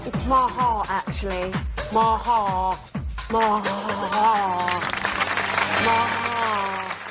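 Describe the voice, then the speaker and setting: A woman's voice: mid-range voice, fairly even intonation, extremely slow, low-quality recording. An actress playing a bossy, snappy young woman in a TV comedy sketch. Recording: TV clip under loud music and crowd noise.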